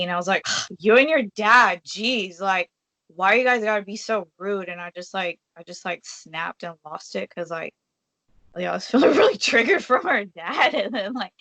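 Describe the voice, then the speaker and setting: A woman's voice: fairly low pitch, vocal fry, a bit bright, no room sound. A woman telling a personal story in a casual, chatty way, full of fillers and acting out what she said to others. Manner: chatty, filler-heavy, acts out her own quoted lines. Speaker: vlogger.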